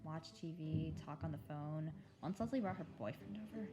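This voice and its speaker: A woman voicing a shy, hurt little girl who talks quietly and sulkily in a storybook reading. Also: low voice, music in the background, voice pushed down. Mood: glum. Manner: quiet, slow, sulky.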